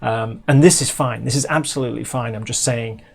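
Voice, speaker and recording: A man's voice: medium pitch, steady tone, fairly quick, creaky. A middle-aged man from England chatting casually as he reviews a music video, restarting his sentences and filling gaps with ums. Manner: chatty, self-interrupting, many restarts and fillers.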